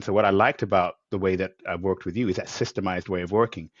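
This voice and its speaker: A man hosting a podcast interview speaks in a fairly low voice, enthusiastic and given to rambling. The sound is dry and dull, like a remote recording without much room to it. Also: steady tone, fast talker, breathy edge, no echo. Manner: enthusiastic, rambling, acts out quotes. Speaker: podcast host. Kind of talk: conversational interview.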